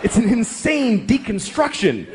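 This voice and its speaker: A man doing a live stand-up set on a large theater stage, profane and exasperated, dropping to low mutters and rising to excited highs. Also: a little slow, a little hiss or hum. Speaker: stand-up comedian. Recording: live theater recording with loud audience laughter. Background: crowd laughing.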